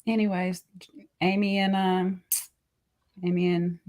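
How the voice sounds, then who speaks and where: A woman's voice: lowish voice, slow pace. A woman co-hosting a casual podcast chat, telling stories with lots of laughter and speech. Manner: animated storyteller, laughs often, says "child" and "okay". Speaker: podcast co-host.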